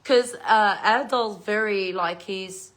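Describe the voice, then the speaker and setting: Chatty, bright-voiced Australian woman. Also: mid-range voice, slow pace. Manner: chatty, swears freely. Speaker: vlogger. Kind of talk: casual storytelling to viewers. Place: at home.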